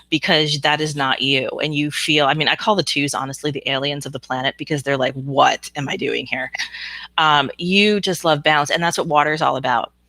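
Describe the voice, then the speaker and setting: A woman with a lowish, bright voice talks casually on a live stream as a psychic reader. She is chatty and frank and answers viewers' comments with plenty of ums. The sound is close and dry. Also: no echo.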